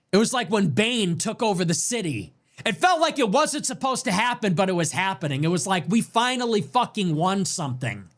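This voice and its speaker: Guy ranting about politics, animated and emphatic, slightly high voice, says like a lot. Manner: animated, emphatic, swings between excited and somber; frequent "like" fillers and restarts. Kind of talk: casual monologue.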